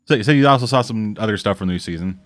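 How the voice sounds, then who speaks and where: A man co-hosting a casual anime podcast, bantering in a quick, wry way. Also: on the low side. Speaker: podcast co-host. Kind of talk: casual anime review chat.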